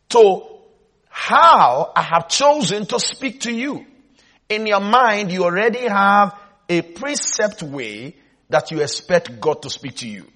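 A man's voice: sits high, fairly bright tone, husky. A man preaching a sermon at a Bible school, emphatic, repeating phrases and often asking whether the listeners follow.

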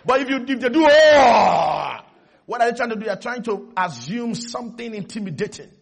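A man with a very high voice preaches fast and animatedly, acting out little scenes. He leads his congregation in call and response.

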